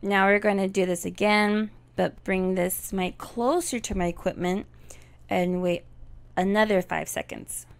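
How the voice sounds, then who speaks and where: Slow-talking woman with a gravelly fry. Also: medium pitch, steady tone. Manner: chatty and unhurried, with loud test screams. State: voice cracking from screaming. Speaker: streamer testing a microphone. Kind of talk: casual vlog talk to camera. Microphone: desk USB microphone with pop filter.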